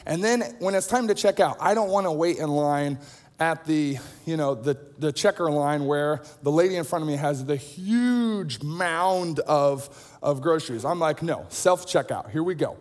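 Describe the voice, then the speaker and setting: A man's voice: on the high side, moderate pace. A man preaching a sermon, telling everyday stories in a chatty, self-deprecating way. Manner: conversational storytelling with self-deprecating humor. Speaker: pastor. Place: large auditorium. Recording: long hall reverb.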